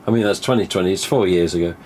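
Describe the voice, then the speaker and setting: A low-voiced Englishman hosts a live stream, talking very fast over a noisy background. His monologue rambles casually, full of easy swearing, and he acts out conversations he remembers.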